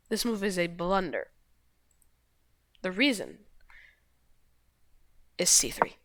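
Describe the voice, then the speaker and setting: Woman, chess walkthrough, low-pitched, very animated intonation, rambling, self-correcting, dry close sound. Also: slow, long pauses, no room sound. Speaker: chess video host. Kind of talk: casual chess game walkthrough.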